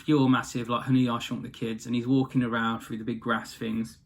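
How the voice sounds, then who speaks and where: A man's voice: medium pitch, level tone, fairly quick, gravelly, slight background noise. Chatty man telling a story. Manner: rambling, chatty, self-correcting. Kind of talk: casual storytelling.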